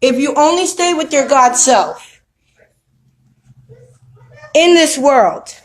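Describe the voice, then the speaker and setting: A woman's voice: high voice, animated, takes it slowly, poor audio. A woman giving a casual spiritual talk to camera at home, preachy and streetwise, who keeps checking with "you know what I mean?". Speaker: spiritual vlogger. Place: home with children around.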